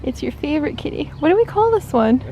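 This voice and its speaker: A woman's voice: high-pitched, sing-song, fast talker, dark tone, slight background noise. Bubbly chatty woman vlogger. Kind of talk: casual vlog chat to camera. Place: outdoors at home, then indoors.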